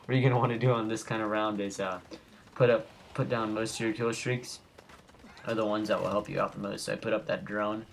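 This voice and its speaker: A man's voice: on the low side, little pitch movement, a little fast, creaky. A young man giving casual, rambling commentary over his gameplay footage as the host of a gaming channel, goofy and easily sidetracked. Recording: home recording with faint background noise.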